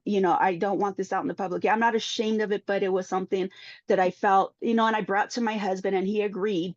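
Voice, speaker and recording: A woman's voice: medium pitch, dry recording. Woman telling her story on a podcast panel, emotional, keeps restarting, dull dry lo-fi sound. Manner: emotional, fast restarts and repeated words. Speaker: panel guest. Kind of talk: personal testimony in a podcast panel.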